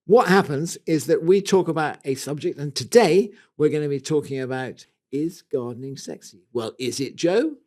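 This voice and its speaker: A man's voice: fairly high pitch, expressive, normal speed, few pauses, darkish tone. A man with a British accent co-hosting a casual garden podcast, talking in a playful, rambling, self-mocking way. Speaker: co-host.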